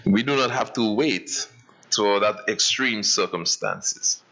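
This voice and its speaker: A male pastor preaching a sermon dramatically, swinging from raised passages to hushed ones. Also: on the low side, slow. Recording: dull lo-fi church livestream.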